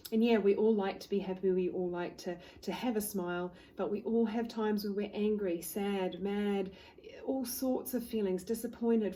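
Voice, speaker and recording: A woman hypnotherapist, calmly telling a client's story to the camera. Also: mid-range voice, slight background noise, low-quality recording. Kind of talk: talking to camera, case story.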